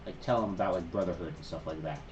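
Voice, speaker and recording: A man with a very low voice chats through a tabletop game, tossing out offhand suggestions. The recording is dull and lo-fi, with a clear hiss running under it. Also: fast. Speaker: player. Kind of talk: casual tabletop play.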